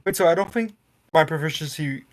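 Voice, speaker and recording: A man playing a tabletop role-playing game over a call, thinking aloud, hesitant and quick to laugh. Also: on the high side. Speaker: player.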